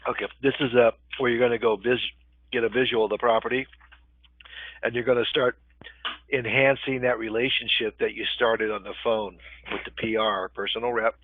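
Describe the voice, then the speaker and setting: A man's voice: mid-range voice, flat delivery, moderate pace, breathy edge. An older man teaching a live webinar in a conversational way, often checking in with the group. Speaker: real estate webinar instructor. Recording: tinny phone-line webinar audio, dry.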